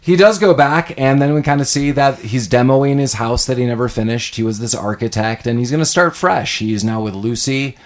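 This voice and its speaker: A man co-hosting a casual movie podcast, recapping the plot with lots of "like" and quick asides. He slips into the characters' lines as he retells the story. His voice sits in an ordinary middle pitch. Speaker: podcast co-host.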